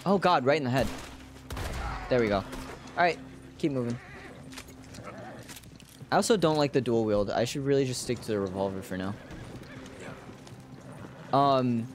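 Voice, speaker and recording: A male streamer casually comments on his game for viewers during a livestream, swearing freely. His voice is medium in pitch, with a little hiss or hum on the audio.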